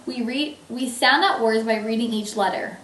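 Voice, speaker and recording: A woman's voice: on the high side, moderate pace, a bit bright, reverberant, slight background noise, low-quality recording. A woman in a classroom presentation, reading a lesson on tones aloud.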